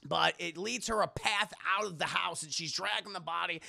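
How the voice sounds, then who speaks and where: A man recapping an anime episode on a live stream, casual, animated and profane. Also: high voice, moderate pace, creaky.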